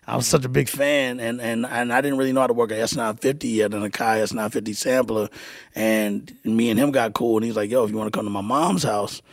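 Gravelly middle-aged man telling stories. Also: mid-range voice, fairly even intonation, dry recording, studio quality. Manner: halting, repeats words, acts out quoted dialogue. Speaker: music producer guest. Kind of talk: casual storytelling interview.

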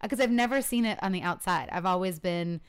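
Chatty woman with a smooth voice. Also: lowish voice, fast talker. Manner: chatty, laughs often, acts out quoted lines. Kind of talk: casual chat.

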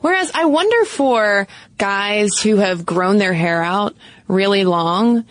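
A woman co-host in relaxed conversation, mid-pitched and chatty. She thinks aloud and restarts her sentences. The sound is dry and close. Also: slow, dry recording. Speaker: podcast co-host. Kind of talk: casual chat.

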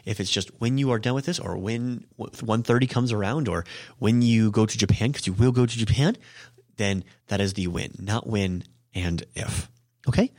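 A man with a fairly low voice teaches in a loose, off-the-cuff way, full of ums and quick self-corrections. He slows right down whenever he spells out an example phrase. The sound is dry and close, with no room around it. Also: darkish tone, dry recording. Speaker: Japanese language teacher and podcast host. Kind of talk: casual spoken lesson.

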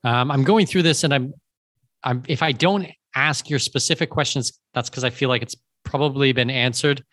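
A man's voice: medium pitch, moderate pace, fairly bright tone, no room sound. Male podcast host, casual Q&A moderator, dry close-miked sound. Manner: friendly, paraphrasing audience questions. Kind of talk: casual webinar Q&A.

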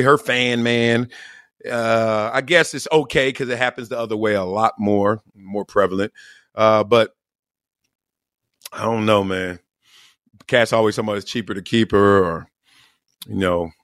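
A man's voice: fairly low pitch, a bit bright, dry recording, clean studio sound. A middle-aged man hosting a podcast, talking casually and joking, laughing often and acting out quotes in different voices. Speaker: podcast host. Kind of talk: casual comedic monologue.

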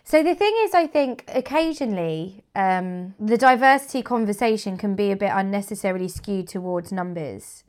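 A woman's voice: medium pitch, expressive, moderate pace, few pauses. A woman speaking as an interview guest about her work in marketing, frank and opinionated, with many fillers. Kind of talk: casual interview talk.

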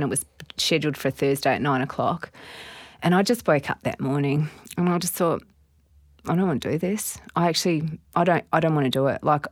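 A woman's voice: low-pitched, dry recording, clean studio sound. A middle-aged Australian woman, a business owner and guest, telling stories in a casual interview and acting out her own thoughts. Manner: animated storytelling with quoted inner voices.

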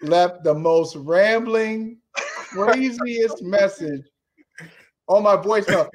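A man, a guest, telling an old story in casual chat, laughing and excitable. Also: high-pitched, slow pace. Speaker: guest, co-host of another show.

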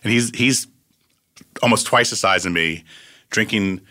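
Producer dude spinning stories, acts out everyone's lines, a bit low but really bright tone. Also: male voice, unhurried. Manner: animated, acts out other people's lines. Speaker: record producer, guest. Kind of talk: casual anecdote storytelling.

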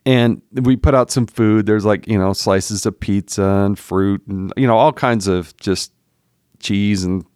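A man's voice: fairly low pitch, a little slow, smooth, no room sound, studio quality. A middle-aged man, a former politician, chatting as a podcast guest and telling stories with laughs and acted-out quotes. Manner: animated, laughs often, acts out quotes. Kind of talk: casual storytelling chat.

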